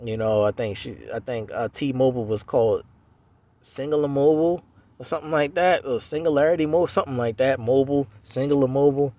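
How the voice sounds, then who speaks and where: A man's voice: mid-range voice, fairly even intonation, brisk, darkish tone. A man in his forties, a Navy veteran, telling his life story in a loose, rambling way with many "you know"s and restarts.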